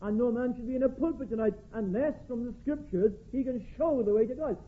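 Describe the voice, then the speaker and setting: A man preaching a sermon, emphatic and deliberate, stressing single words. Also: extremely high pitch. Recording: tinny phone-like band, husky.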